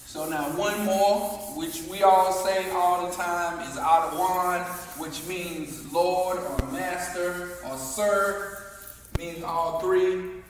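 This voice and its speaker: Man, language teacher, slow deliberate delivery, repeats syllables, faraway mic, long echo. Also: high voice, steady tone. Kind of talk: language class lecture. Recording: echoey hall, mic far off, faint noise.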